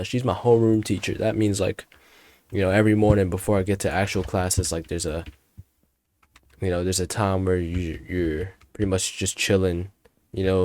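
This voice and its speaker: A young man with a fairly low voice tells a school story in a loose, rambling monologue. He talks slangy and swears freely, restarting his sentences as he goes. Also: a little mellow. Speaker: student storyteller.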